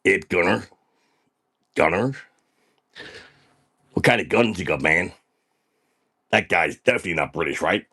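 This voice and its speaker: A man's voice: deep voice, animated, measured pace, creaky, pauses often, sharp tone, husky, heavily acted. Man doing a brash, foul-mouthed party dude. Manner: ends nearly every sentence with "man", brash and swaggering. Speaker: livestream character host. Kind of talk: comedic livestream persona reading chat.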